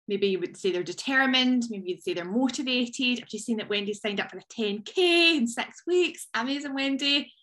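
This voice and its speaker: A woman giving an energetic motivational talk on a video training call, chatty and playful. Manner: energetic, chatty, jumps into high playful voices. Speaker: team leader on a training call.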